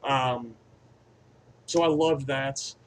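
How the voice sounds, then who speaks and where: A man's voice: mid-range voice, extremely slow, a little hiss or hum, poor audio. A man giving an off-the-cuff movie review, profane and rambling, swinging between enthusiastic bursts and mumbled asides. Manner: crude and profane, rambling aside-heavy delivery.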